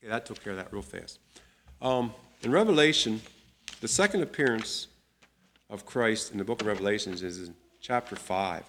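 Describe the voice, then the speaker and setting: A man teaching a Bible study, unhurried and reading scripture aloud with emphasis. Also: fairly low pitch, expressive, a bit bright, slight background noise.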